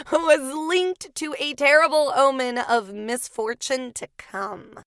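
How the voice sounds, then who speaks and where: A young woman co-hosting a casual podcast, playful and jokey, at times squeaky. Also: animated, slow pace, a bit bright, clean tone, no room sound, clean studio sound. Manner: playful, jokey, giggly, reads notes then riffs. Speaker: podcast co-host. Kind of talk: casual chat reading myth research.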